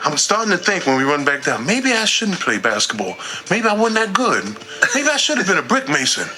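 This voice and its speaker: Animated man telling a story. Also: sits high, fairly quick, faint music behind. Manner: laughing, dramatic, acts out voices. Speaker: former basketball player telling a story.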